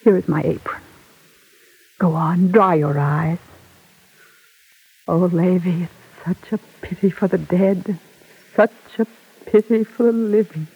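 A woman playing a tender, grieving mother comforting her son in a radio drama, soft and soothing. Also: on the low side, fairly even intonation, slow, creaky, pauses often, breathy edge, exaggerated voice. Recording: tinny phone-like old recording.

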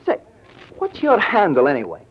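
An excitable jive-talking young pianist. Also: male voice, fairly high pitch, normal speed, slight background noise. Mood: chatty jive. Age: young adult. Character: jive-talking young piano player, eager, chatty. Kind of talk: 1940s radio acting. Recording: dull old radio recording.

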